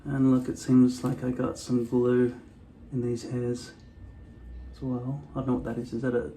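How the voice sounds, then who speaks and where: A man's voice: mid-range voice, completely flat delivery, normal speed, warm tone, a little hiss or hum. A man with an Australian city accent, hosting a hairpiece vlog in a rambling, wry, self-deprecating way. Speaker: hairpiece channel host. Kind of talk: casual vlog monologue.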